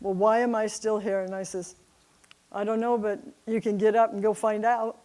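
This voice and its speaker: A woman's voice: mid-range voice, little pitch movement, normal speed, a little mellow. Middle-aged woman, church speaker, chatty storyteller who laughs easily. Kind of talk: personal storytelling to a congregation. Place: church service.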